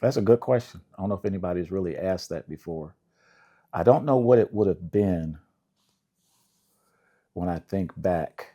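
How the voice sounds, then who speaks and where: A deep, mellow-voiced older man from Indianapolis talks through his songwriting career in an easygoing storytelling way. He laughs often and slips into quoted voices when retelling conversations. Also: moderate pace, long pauses. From Indianapolis, USA. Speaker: songwriter guest. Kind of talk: relaxed storytelling interview.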